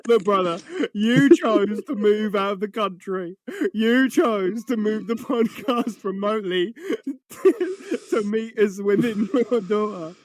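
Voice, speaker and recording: A man's voice: high-pitched, slow pace, hardly any pauses, no room sound. A man co-hosting a podcast on a remote call, teasing and egging his friend on with laughs. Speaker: podcast co-host. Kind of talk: casual chat. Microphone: remote call mic.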